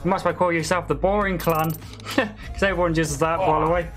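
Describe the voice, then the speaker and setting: A man's voice: a little high, steady tone, a little fast, faint music behind. A man streaming a multiplayer game live, mocking the other team with repeated taunts and frequent laughs. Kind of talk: live gameplay commentary.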